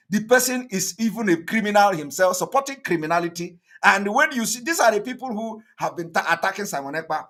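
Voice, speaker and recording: Man hosting, high voice, emphatic and repetitive commentary. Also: fairly bright tone. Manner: emphatic, repetitive, quick to laugh. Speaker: host of an online broadcast. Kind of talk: live commentary on a played interview.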